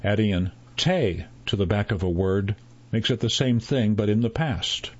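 A man reading a story aloud in a measured, unhurried narration, voicing the characters' dialogue. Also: fairly low pitch, highs cut off.

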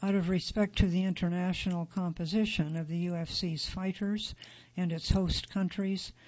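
High, gravelly male article narrator. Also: darkish tone, muffled recording. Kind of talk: scripted narration of a magazine feature.

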